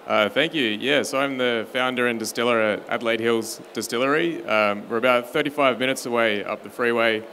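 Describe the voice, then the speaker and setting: A man speaking on a panel as a distiller, relaxed and modest, his voice tired. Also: medium pitch, a little fast, few pauses, slight background noise. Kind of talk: panel talk.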